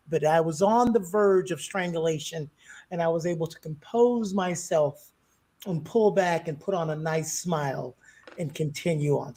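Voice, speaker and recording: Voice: medium pitch, darkish tone. A co-host of an online interview show, joking and wry in casual talk. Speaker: podcast co-host.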